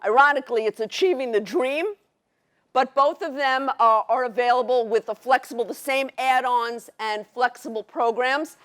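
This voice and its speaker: A middle-aged woman with a Brooklyn accent, giving an excited, fast-paced educational presentation to a workshop audience. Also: high-pitched. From New York City. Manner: fast, excited, New York directness.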